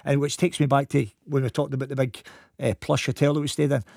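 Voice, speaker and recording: A Scottish football coach from Glasgow with a Glaswegian accent, telling animated stories in a casual chat. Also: male voice, mid-range voice, gravelly, no room sound, clean studio sound. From Scotland. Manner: animated anecdotes, quick talk. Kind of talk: casual storytelling.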